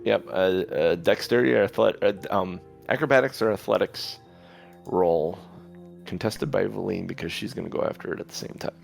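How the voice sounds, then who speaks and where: A man with a low, gravelly voice runs a tabletop game as its narrator. He laughs often and keeps it loose. Soft music plays faintly behind him. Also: moderate pace. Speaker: game master.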